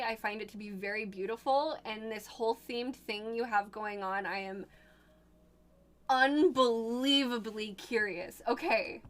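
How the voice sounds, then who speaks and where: A young woman from Oregon streaming live, chatting casually with viewers and gushing excitedly. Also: fairly high pitch. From Oregon, United States.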